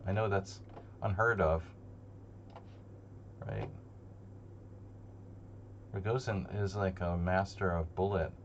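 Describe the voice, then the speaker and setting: Low-voiced man thinking aloud over a chess game. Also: fairly even intonation, takes it slowly, pauses often, muffled recording, slight background noise. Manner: joking, muttering to himself, thinking aloud. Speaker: chess streamer. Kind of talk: live commentary while playing online chess. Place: home streaming setup.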